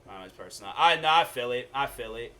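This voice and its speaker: A young man streaming a game, chatting casually with viewers and telling stories in relaxed slang. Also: medium pitch, quick pace. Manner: laid-back, chatty, storytelling with slang. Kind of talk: casual gaming stream chat.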